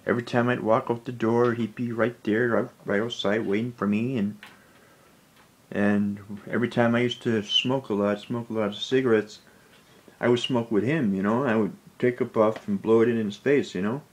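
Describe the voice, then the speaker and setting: A man talking in a personal vlog, emotional and close to tears, rambling in a low, subdued voice. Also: steady tone, moderate pace. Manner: tearful, rambling, speaks low and subdued with sudden angry outbursts. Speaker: vlogger.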